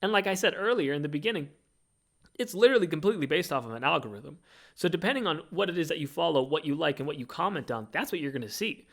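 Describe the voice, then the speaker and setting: A man hosting his own podcast, talking in an animated, rambling casual monologue full of fillers. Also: on the high side, fast talker, creaky. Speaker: podcast host.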